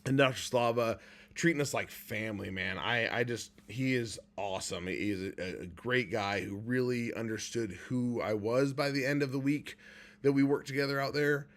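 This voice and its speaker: Emotional man sharing a candid recovery story. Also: mid-range voice. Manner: heartfelt and candid, at times choked up with pauses and sighs. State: emotional, near tears. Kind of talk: emotional personal livestream talk.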